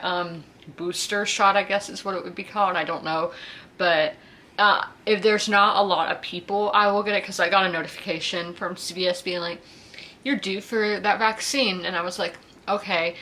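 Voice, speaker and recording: A woman's voice: mid-range voice, bright, forceful tone, a little hiss or hum. A woman in her twenties from South Carolina, chatting casually in a reading vlog, rambling with restarts and asides. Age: 20s. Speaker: book vlogger.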